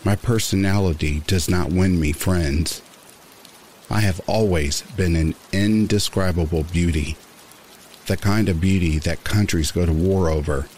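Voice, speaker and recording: A man reading a first-person horror story aloud in a measured, somber narration. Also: deep voice, a little mellow, slight background noise. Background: rain sounds.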